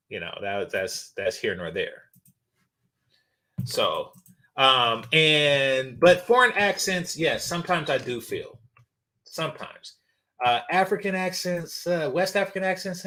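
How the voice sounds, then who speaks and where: A man's voice: a little high, bright, forceful tone. A man hosting a casual reaction commentary channel, talking bluntly with lots of fillers and restarts. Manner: blunt, rambling, frequent fillers.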